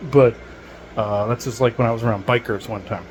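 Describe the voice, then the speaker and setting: A man's voice: mid-range voice, fairly even intonation, fairly quick, a little mellow, a little hiss or hum, rough recording. A man hosting a podcast, talking in a rambling, digressive way with many fillers. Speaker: podcast host. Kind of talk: rambling casual monologue.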